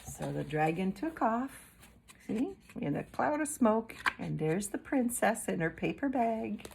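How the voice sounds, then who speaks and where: A woman reading a picture book aloud to young children as a storyteller, playful and animated, asking the listeners questions. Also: on the high side, unhurried, creaky, noisy background.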